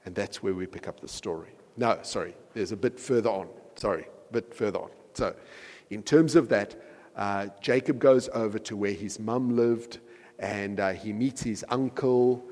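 A man's voice: lowish voice, moderate pace, a little mellow. Man preaching in an echoey hall. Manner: conversational, self-correcting with apologetic asides. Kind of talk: sermon retelling scripture.

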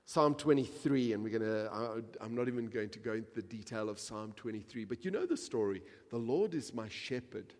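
Male pastor, lowish voice, moves between calm scripture reading and loud, impassioned passages; echoing hall sound. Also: normal speed, few pauses. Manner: builds from quiet reading to loud impassioned preaching. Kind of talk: sermon.

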